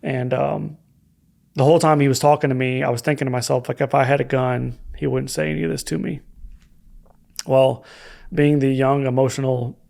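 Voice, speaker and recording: Flat, gravelly-voiced man telling his story. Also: mid-range voice, normal speed, pauses often. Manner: candid and reflective, with hesitant fillers. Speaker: podcast guest. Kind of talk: personal story in a podcast conversation.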